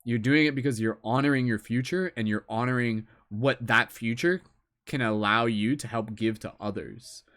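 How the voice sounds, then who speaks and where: A man's voice: medium pitch, normal speed, a bit bright. A man giving a live tarot reading, talking in a reflective, earnest way and often filling with "like" and "you know". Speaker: tarot reader.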